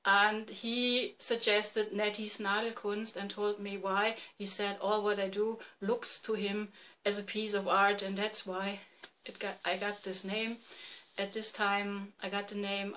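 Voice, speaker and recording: A woman in her forties from East Germany with a German accent, hosting a casual podcast in halting, self-correcting English. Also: medium pitch, flat delivery, pushed and bright, a little hiss or hum, low-quality recording. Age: 40s. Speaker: podcast host. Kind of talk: casual video podcast chat. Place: home room, dim light.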